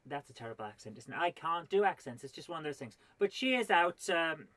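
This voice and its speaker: A woman's voice: on the low side, expressive, fairly quick, a bit bright, dry recording. A middle-aged woman doing stand-up comedy from her home office as host of her own show, rambling and self-deprecating with mock-serious asides. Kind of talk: solo stand-up comedy to camera.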